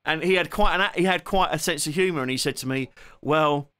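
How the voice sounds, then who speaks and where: A man in his forties with a London accent talks through a laid-back live guitar session. His voice is bright and sits a little high, and his manner is joking and self-deprecating. He chats informally with his viewers. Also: fast talker. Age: 40s. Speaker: guitarist streamer. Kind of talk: casual live-stream chat.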